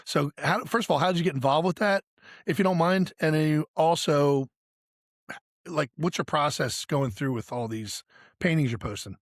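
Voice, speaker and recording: A man's voice: a little high, moderate pace, no room sound, clean studio sound. A man hosting a casual podcast, loose and joking, with frequent swearing. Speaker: podcast host.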